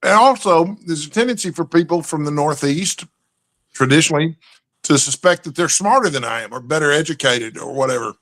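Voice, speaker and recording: A man from Texas with a Texan accent, talking slowly and easily as a guest in a casual chat. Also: fairly high pitch, expressive, fairly bright tone. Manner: slow, unhurried drawl.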